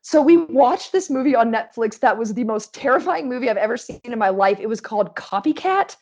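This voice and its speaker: A woman's voice: fairly high pitch, expressive, brisk, darkish tone. A woman guest on a podcast, chatting casually and telling stories with lots of "like" fillers. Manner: chatty storyteller, frequent "like" fillers. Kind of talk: casual chat.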